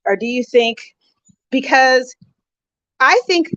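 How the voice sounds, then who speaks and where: A woman with a slightly high voice chats casually on a live stream, greeting viewers by name and trading gossipy opinions. She sounds a little winded. The sound is dull and lo-fi, with a close, dry feel. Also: expressive, slow pace, a bit bright, no echo. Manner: chatty, greets chat viewers, gossipy commentary. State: winded, out of breath. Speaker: vlogger reacting to online drama. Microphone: phone.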